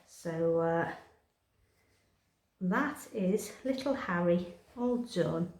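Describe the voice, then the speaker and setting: Soft-spoken woman groomer, slow. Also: fairly low pitch, lively intonation. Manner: soothing, coos gently to the cat while explaining. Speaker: cat groomer. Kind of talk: talking through a grooming session. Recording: roomy echoey grooming room.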